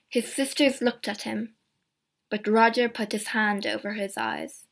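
Slow, deliberate woman narrating a storybook. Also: on the high side, steady tone. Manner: slow, clear, deliberate reading. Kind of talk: scripted narration of a graded reader.

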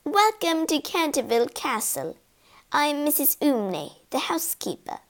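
A fearful old housekeeper , whispered by a woman reading a storybook breathes her words low and secretive. Her hushed voice trembles slightly and stays soft and drawn out. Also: big pitch swings, measured pace, exaggerated voice. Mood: polite hush.

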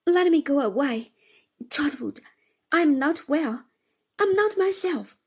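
A woman voicing a gentle, devoted young woman who speaks softly and goes high when upset. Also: big pitch swings, a little slow, gravelly, husky, full character voice. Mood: distressed.

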